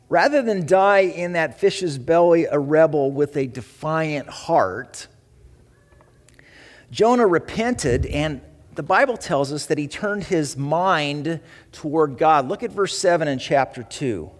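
A man preaching as pastor to his church, with an animated delivery, rising for emphasis and slowing for dramatic pauses. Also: on the high side, in a large hall. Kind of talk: sermon. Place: church sanctuary.

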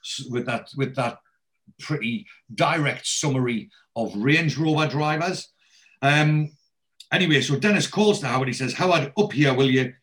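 A podcast host recapping an episode casually, this man has a slightly high, somewhat bright voice at a normal speed. He tells the story of scenes and reads out quoted lines, restarting himself often.

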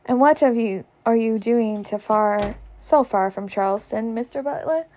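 A woman voicing a gentle young Southern lady from a storybook reading, eager and gushing. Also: fairly high pitch, normal speed, natural voice. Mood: sweet.

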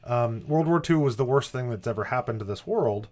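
A man's voice: mid-range voice, animated, fairly quick, darkish tone. Rambling, wry male podcast host. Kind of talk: casual chat.

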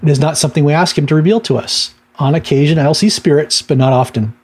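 A middle-aged man speaks as a minister in a relaxed, rambling teaching talk, full of ums and small laughs. His voice sits a touch high for a man, with a husky, slightly rough edge. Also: quick pace. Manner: conversational storytelling with laughs and fillers.

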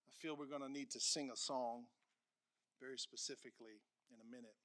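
A man preaching as a pastor, emphatic and repetitive, swinging between loud declarations and hushed lines. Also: medium pitch, fairly even intonation, a little fast. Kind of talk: sermon.

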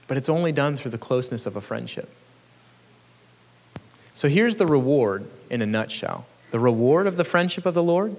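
A man delivers a sermon in a relaxed, earnest, conversational manner, with a somewhat raised voice. His words ring out with a long reverb through a large room. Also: on the high side, normal speed. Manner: earnest, conversational, chuckles between points. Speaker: pastor.

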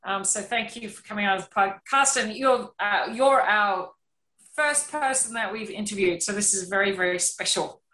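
A woman co-hosting a podcast, chatting casually and agreeing quickly with her guest. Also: mid-range voice, roomy sound, low-quality recording. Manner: warmly agreeing, quick affirmations. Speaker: podcast co-host. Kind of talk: casual chat.

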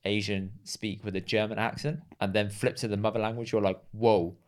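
A man from the United Kingdom with a London accent, co-hosting a podcast and telling jokey, animated stories. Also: fairly low pitch, brisk. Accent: London English. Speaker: podcast co-host. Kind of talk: casual podcast chat.

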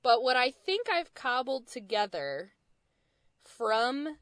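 A woman's voice: fairly high pitch, very animated, takes it slowly, dry recording, clean studio sound. A young American woman co-hosting a podcast, chatting casually in a thoughtful, hedging way. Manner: thoughtful, hedging, with soft laughs. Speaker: podcast co-host. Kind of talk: casual chat.

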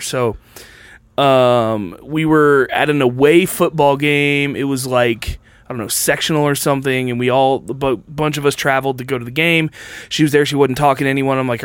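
A man's voice: mid-range voice, steady tone, moderate pace, clear, resonant tone, no echo. A young man telling a story in casual podcast chat, rambling with many fillers.

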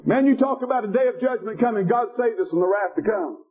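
A male preacher delivers a fiery revival sermon in rhythmic bursts of shouting and folksy grammar. His voice sits very high for a man. The sound is thin and tinny, as if heard over a phone line. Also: lively intonation, quick pace, faint music behind.

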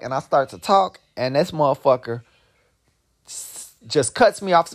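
A man talking in a loose, profane monologue full of street slang and filler asides. He drawls slowly and then breaks into quick, heated storytelling. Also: on the high side, very animated, creaky, no room sound, studio quality. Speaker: host. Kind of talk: casual monologue.

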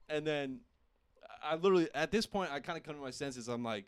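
A man's voice: a little high, quick pace, clean tone, no echo. Young man telling a rowdy story. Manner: animated, profane, laughing storyteller. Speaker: podcast host. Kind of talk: casual storytelling.

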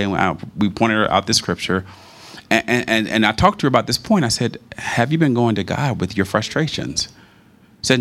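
A man preaching a sermon in a conversational, animated storytelling manner. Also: mid-range voice.

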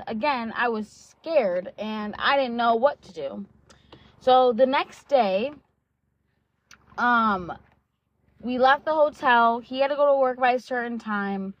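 A woman's voice: a little high, dry recording. Blunt young woman telling a story, lo-fi. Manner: candid and blunt, swears often, many fillers like "like" and "um"; acts out quoted dialogue while retelling. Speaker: vlogger. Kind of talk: casual storytelling. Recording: dull lo-fi sound.

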